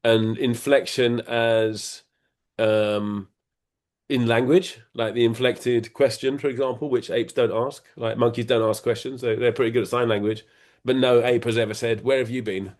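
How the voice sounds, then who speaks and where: A man's voice: mid-range voice, fairly even intonation, moderate pace, darkish tone. A middle-aged man as an interview guest, explaining ideas in a rambling, playful way with many restarts and fillers. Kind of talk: casual conversation.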